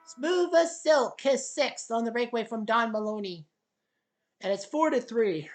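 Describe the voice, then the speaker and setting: A woman giving play-by-play commentary on a table hockey game, with excited goal calls and sarcastic asides to the viewers. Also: fairly high pitch, normal speed, over loud music.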